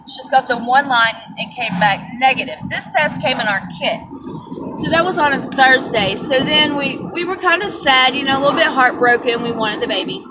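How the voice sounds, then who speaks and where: A young woman with a Southern US accent, chatting excitedly to camera and telling a personal story. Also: sits high, a little fast. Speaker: vlogger. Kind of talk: casual chat to camera. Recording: distant mic with background noise.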